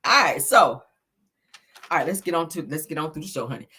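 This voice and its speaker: Chatty woman host, husky, bright, lively swoops in pitch. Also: fairly quick. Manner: animated, laughing, calls audience child and honey. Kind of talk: casual celebrity news chat.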